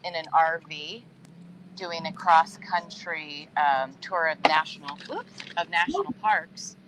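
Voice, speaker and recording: A woman's voice: deep voice, lively intonation, measured pace, noisy background. A woman actor on a panel, talking emphatically with laughs and restarts over a video call from a moving RV. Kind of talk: casual panel chat. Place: inside a moving RV.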